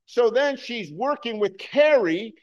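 A man preaching a sermon to his congregation, moving between loud excited bursts and hushed, slow emphasis. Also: very high-pitched, dull audio. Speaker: pastor.

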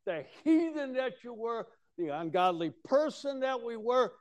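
A man preaching a folksy sermon, acting out Bible scenes with sudden swings from loud to hushed. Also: extremely high pitch, big pitch swings, unhurried, few pauses. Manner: folksy storytelling, acting out voices with big swings of loudness. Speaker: pastor.

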